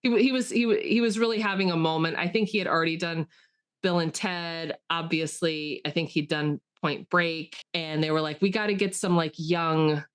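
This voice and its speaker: Woman cohosting a podcast, chatty and excited, low-ish voice, lots of likes and restarts. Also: normal speed, clean tone. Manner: chatty, enthusiastic, with frequent fillers and restarts. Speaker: podcast co-host. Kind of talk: casual film discussion chat.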